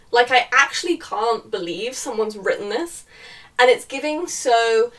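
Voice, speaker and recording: A woman's voice: a little high, lively intonation, normal speed, fairly bright tone, recorded from a distance, low-quality recording. A young woman giving a casual, sarcastic book review, often laughing and swearing in exasperation.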